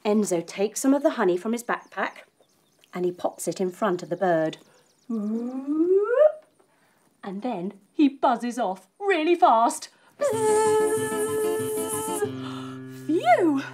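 A woman's voice: fairly high pitch, very animated, slow pace, darkish tone, soft background music. A woman leading a children's yoga lesson as a story, playful and encouraging. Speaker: kids yoga teacher.

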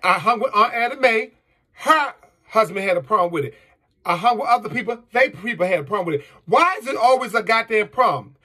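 High, raspy, heated man ranting. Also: expressive, brisk, pushed and bright. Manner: heated, profane, rhetorical questions. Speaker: vlogger. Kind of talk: angry monologue to camera.

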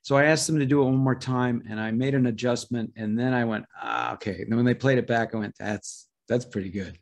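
A man's voice: medium pitch, steady tone, quick pace. A middle-aged man, a voice impressionist, answering interview questions thoughtfully and at length, with small restarts. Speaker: voice impressionist guest.

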